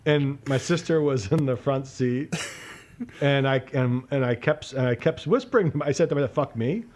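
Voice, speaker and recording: A man's voice: medium pitch, normal speed, slight background noise. A man in his forties tells a rambling story in casual podcast banter. He swears freely, acts out the voices in his story and breaks off sentences to restart them, speaking in an ordinary mid-range voice. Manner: profane, animated storyteller with self-interruptions. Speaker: podcast co-host. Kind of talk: casual storytelling among friends.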